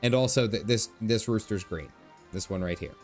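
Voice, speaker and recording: A man's voice: lowish voice, normal speed, darkish tone. A man chatting casually while livestreaming a video game, telling stories with laughs and asides. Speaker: gaming livestreamer. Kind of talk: casual chat over gameplay. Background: faint game music.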